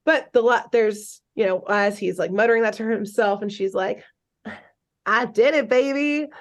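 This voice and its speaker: A young adult woman co-hosting a podcast, casually recapping a cartoon episode in an animated, chatty way and swearing freely. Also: mid-range voice, moderate pace. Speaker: podcast co-host.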